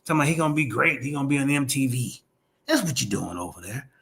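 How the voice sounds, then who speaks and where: A man's voice: medium pitch, animated, fast talker, vocal fry, fairly bright tone. A man hosting a livestream, ranting in a combative, profane, trash-talking way. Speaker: streamer host. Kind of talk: heated livestream rant.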